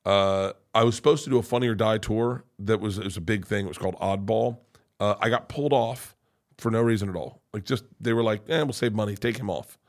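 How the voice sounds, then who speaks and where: A man's voice: lowish voice, fairly even intonation, a little fast. A middle-aged man, a comedian guest, telling stories in a rambling, profane way with many restarts. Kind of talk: casual storytelling chat.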